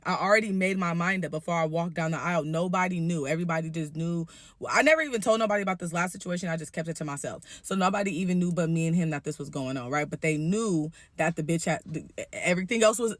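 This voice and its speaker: A woman telling a story in a casual vlog, blunt and profane, animated and fired up. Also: lowish voice, quick pace, no echo, studio quality.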